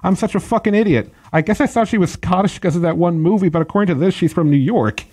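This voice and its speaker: A man's voice: high voice, fast, darkish tone, breathy edge. A man hosting a casual movie-review chat, laughing often and looking things up as he talks. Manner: laughs often, looks things up mid-talk. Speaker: podcast host.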